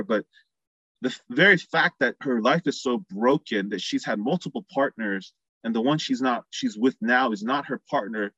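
A man's voice: mid-range voice, fairly bright tone, no echo. Conversational male preacher, muffled audio. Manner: conversational, acts out quoted voices. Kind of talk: sermon.

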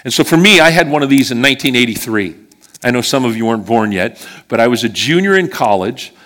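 A man's voice: mid-range voice, lively intonation, quick pace, a bit bright. A middle-aged man from western Pennsylvania preaching a sermon, telling a personal story in a chatty way and checking in with the congregation as he goes.

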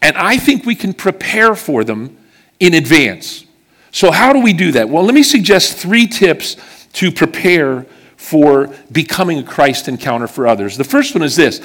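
An earnest man preaching to his church in a fairly high voice. He tells stories with emphasis and sinks low and soft on the words that matter most. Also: big pitch swings, moderate pace. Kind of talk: sermon with personal stories. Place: church service before a congregation.

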